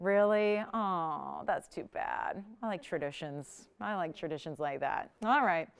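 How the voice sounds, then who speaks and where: Chatty woman shopping host, smooth voice. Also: lowish voice, measured pace. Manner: chatty, laughs often, enthusiastic selling. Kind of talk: live shopping presentation.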